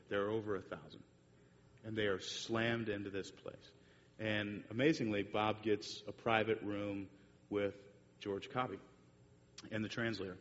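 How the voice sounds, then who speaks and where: A man giving a sermon with slides, telling a long story with many fillers and restarts. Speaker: speaker giving a church talk with slides. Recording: muffled echoey hall recording with faint rumble.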